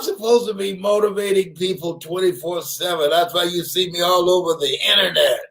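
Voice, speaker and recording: A man giving an animated motivational speech, often laughing, repeating words and bursting into shouts. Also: high-pitched, moderate pace, few pauses. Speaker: motivational speaker.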